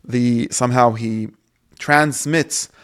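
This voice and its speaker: A man giving a casual Torah lesson, paraphrasing the verses and acting out the quoted speakers in a lively way. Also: takes it slowly. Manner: lively, acts out the quoted speakers with rising pitch. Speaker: Torah teacher.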